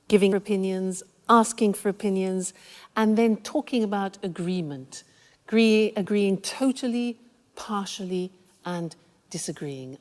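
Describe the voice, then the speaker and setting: A woman teaching English phrases in a clear, measured, explanatory way. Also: mid-range voice, darkish tone, in a large hall. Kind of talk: scripted language lesson.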